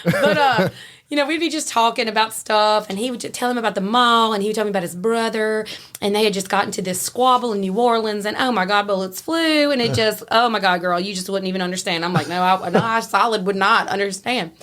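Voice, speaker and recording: A woman's voice: medium pitch, fast, a bit bright. A woman, a podcast guest telling stories in casual chat, laughing often and acting out quoted voices.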